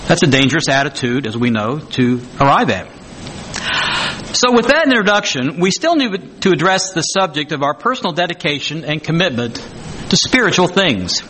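A male preacher with a high, bright voice delivers a sermon, slowing down to stress key words. His pitch rises and falls widely as he puts one rhetorical question after another to the congregation. Faint room noise sits behind him. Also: sing-song, low-quality recording.

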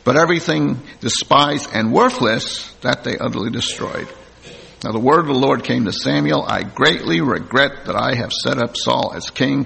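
A man's voice: medium pitch, gravelly, bright, forceful tone, slightly rough. A man preaching a sermon, reading scripture aloud and then commenting plainly to the congregation. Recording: long hall reverb.

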